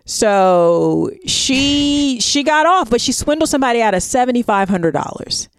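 Brief: lively woman podcast co-host, playful storyteller, dry close sound. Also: a little high, unhurried, clean tone, no echo. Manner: animated, playful storyteller with laughs. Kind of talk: casual storytelling chat.

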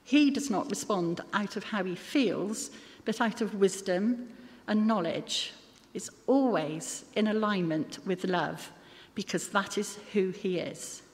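Long hall reverb fills this recording of a woman preaching slowly in a medium-pitched voice. She's earnest throughout, though she occasionally slips in a self-deprecating remark.

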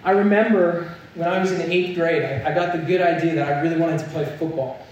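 A man's voice: a little high, fairly even intonation, a little fast, darkish tone, lo-fi sound, slight background noise. A young man preaching a sermon, telling a story and building to earnest, emphatic points. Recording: echoey hall, mic at a distance.

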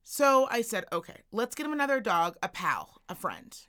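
This co-host has a higher-pitched voice and a moderate pace as she relates a lengthy tale during a relaxed podcast chat. Animated throughout, she acts out the voices of the story's characters.

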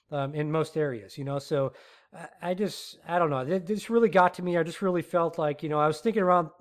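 A man hosting his own podcast, ranting in a rambling, animated way with many fillers and restarts. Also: high-pitched. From Texas. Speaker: podcast host. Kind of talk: solo podcast rant.

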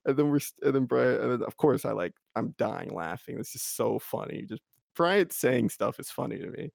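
A man's voice: medium pitch, animated, moderate pace, creaky, a little mellow, dry recording, clean studio sound. A young man casually telling a rambling story, full of "like" and frequent laughter. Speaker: podcast co-host.

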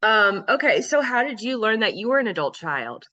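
A podcast host asking quick, playful questions in a casual chat, curious and swearing freely. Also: mid-range voice, big pitch swings, pushed and bright, dry recording, lo-fi sound.

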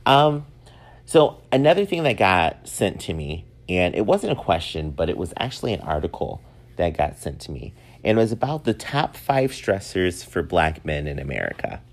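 A man's voice: sits low, very animated, moderate pace. A man in his thirties hosting a solo podcast, chatting in a rambling, easygoing way and laughing often. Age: 30s. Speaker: podcast host. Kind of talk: casual solo podcast monologue.

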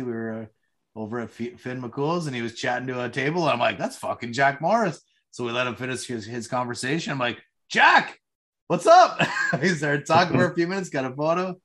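A man co-hosting a casual sports podcast, chatty and quick to laugh. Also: medium pitch, fairly bright tone. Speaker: podcast co-host.

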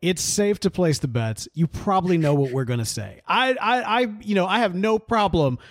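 A man with a fairly high voice, recorded dry and close. He co-hosts a podcast and chats easily, with many fillers and frequent laughter. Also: very animated, moderate pace, no room sound. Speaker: podcast co-host. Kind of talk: casual chat.

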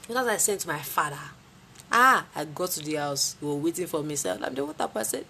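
A young woman with a Nigerian accent telling a personal story in a casual, dramatic way, with sudden leaps in pitch. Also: brisk. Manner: lively, dramatic retelling with sudden jumps in pitch.

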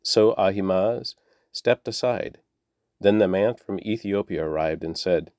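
A man reading scripture aloud in a steady, measured way. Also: low-pitched, no echo, clean studio sound. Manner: steady, measured, with small slips. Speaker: Bible reader.

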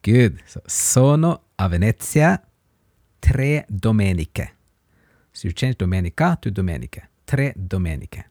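A man teaching a language lesson on a podcast, patient and encouraging, pausing for the listener to practise. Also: fairly low pitch, big pitch swings, darkish tone, no room sound, studio quality.

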